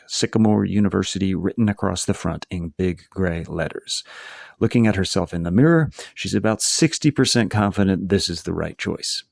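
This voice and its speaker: Gravelly low-voiced man reading his novel. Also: dry recording, clean studio sound. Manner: casual, relaxed storytelling. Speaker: author.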